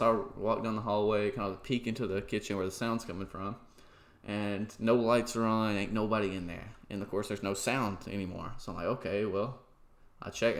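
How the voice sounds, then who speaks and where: A young man hosting a podcast, telling a story in casual chat with lots of "like" and "dude" and some swearing. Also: lowish voice. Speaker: podcast host.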